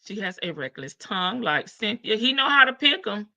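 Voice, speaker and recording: A woman's voice: mid-range voice, big pitch swings, moderate pace, creaky, bright, forceful tone, no echo, dull audio. Sassy woman hosting a livestream, laughing. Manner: sassy, laughing, talks to chat. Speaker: livestream host. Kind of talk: casual commentary livestream.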